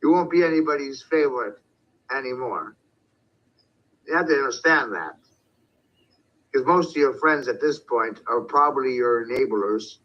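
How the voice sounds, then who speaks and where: With a medium-pitched, animated voice at normal speed, a man works through a ranting monologue broken by long pauses. He's an online commentator, profane and confrontational, occasionally shouting, and the audio is dull lo-fi.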